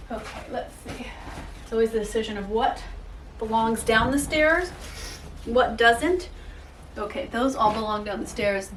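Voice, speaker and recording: A woman's voice: fairly high pitch, background noise. A woman chatting casually and playfully while she cleans her house, tossing in self-mocking jokes. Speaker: home vlogger. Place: inside a house. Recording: echoey room, mic far off.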